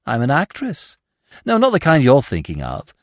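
A man's voice: medium pitch, wildly swooping pitch, normal speed, dry recording, studio quality. A man voicing a brash, teasing young actress who talks in a chatty, slangy way, read as an audiobook character.

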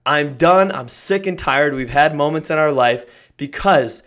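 A man hosting a podcast, giving an energetic, emphatic motivational talk that builds to excited shouts. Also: fairly high pitch, measured pace. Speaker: podcast host.

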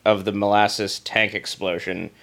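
A man's voice: lowish voice, flat delivery, unhurried, vocal fry, fairly bright tone, a little hiss or hum. Chill podcast guy, makes fun of himself. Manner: laid-back, self-deprecating joker. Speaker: podcast co-host. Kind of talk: casual chat.

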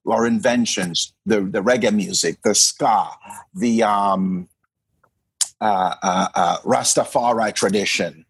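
A man's voice: fairly low pitch, slow pace, slightly rough, no echo. A man from Jamaica co-hosting a podcast, talking in an emphatic casual way and often restarting his words. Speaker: podcast co-host. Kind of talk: casual chat.

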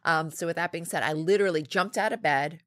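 Brief: woman in her 40s, low voice, lively storyteller, close dry mic. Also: no echo. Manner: lively storytelling with laughs and quick restarts. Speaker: podcast guest, company founder. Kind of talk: casual interview chat.

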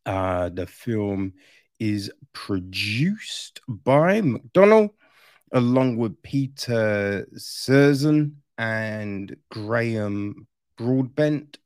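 A man's voice: on the low side, expressive, very slow, a little mellow, smooth, no echo, clean studio sound. A man chatting casually through a film review, rambling and often tossing in "right?" as an aside.

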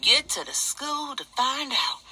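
Male comic as an indignant single mom, ex-nurse, cussing nonstop, gravelly, very bright and cutting edge. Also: very high-pitched, big pitch swings, full character voice. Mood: furious ranting. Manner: profane, fast, indignant ranting. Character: furious middle-aged woman, former nurse, single mother. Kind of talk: ranting stand-up character monologue.

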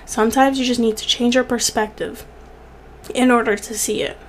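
Earnest young woman, slightly high voice. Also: steady tone, normal speed, slight background noise. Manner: earnest, repeats words for emphasis. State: tearful at times. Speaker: vlogger. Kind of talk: heartfelt direct-to-camera encouragement.

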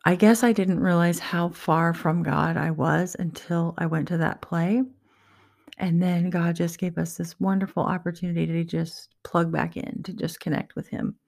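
A woman's voice: on the low side, steady tone, normal speed, gravelly, darkish tone. A woman giving an earnest, heartfelt personal faith talk to her viewers, encouraging them. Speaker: Christian vlogger.

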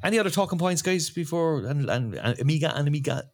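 Animated man hosting a chat. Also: fairly high pitch. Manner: jokey, halting, lots of restarts. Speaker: podcast host. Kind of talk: casual sports podcast chat.

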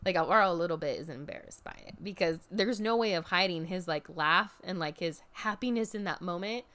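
A woman's voice: lowish voice, brisk, a bit bright. A woman telling a casual, profane story about a live event, full of fillers and acted-out quotes. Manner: chatty, profane, filler-heavy, acts out quotes. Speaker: podcast host recapping a wrestling event.

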